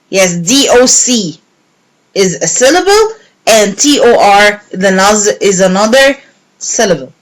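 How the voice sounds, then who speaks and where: A woman teacher giving a recorded English lesson to young pupils, repeating words slowly and clearly. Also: a little high, animated, poor audio. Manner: slow, clear, repeating words and clapping syllables.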